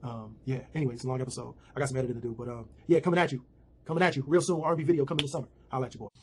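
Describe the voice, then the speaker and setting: A man's voice: mid-range voice, fairly even intonation, racing, darkish tone, a little hiss or hum. A man giving a slangy, rambling casual recap of a TV episode from home. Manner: slangy, rambling retelling with fillers.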